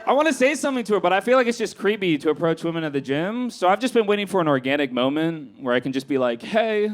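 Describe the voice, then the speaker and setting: A young man performing a stand-up comedy set on a club stage, acting out his own lines in an animated way. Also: on the high side, fast, a little hiss or hum.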